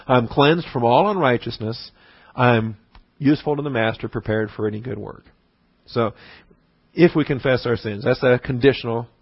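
A man's voice: medium pitch, slightly rough, no echo, muffled recording. A man giving a conversational, emphatic sermon-style Bible lesson with frequent restarts. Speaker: Bible teacher.

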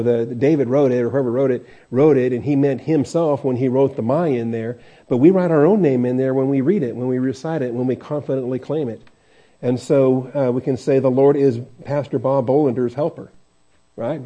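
Male pastor, very dark mellow tone, chatty verse-by-verse Bible teaching, dull lo-fi sound. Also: mid-range voice. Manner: conversational, with many fillers and restarts. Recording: dull lo-fi recording.

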